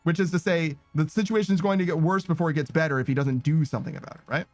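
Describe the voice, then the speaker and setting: A man's voice: a little high, very fast, no echo, faint music behind. A young man chatting casually on a live stream, reading out chat messages and reacting with lots of swearing and laughter. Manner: animated, swearing, breaks into laughter.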